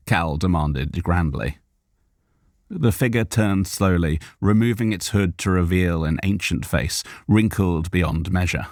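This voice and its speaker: A man's voice: sits low, measured pace, darkish tone, no room sound. A man narrating an audiobook live on a studio microphone, reading aloud and stopping to correct himself.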